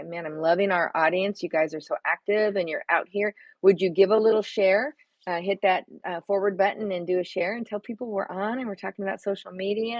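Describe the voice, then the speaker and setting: A woman's voice: lowish voice, darkish tone, dry recording. A middle-aged woman hosting a live stream as a college recruiting advisor. She talks in a chatty, emphatic way, firing off rhetorical questions as she advises her audience. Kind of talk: casual live-stream advice talk.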